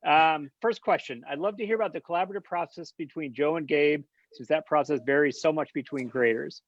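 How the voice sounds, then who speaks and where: Man, panel moderator, upbeat, brisk, dull video call audio, dry. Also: on the high side, no room sound. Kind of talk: casual panel chat.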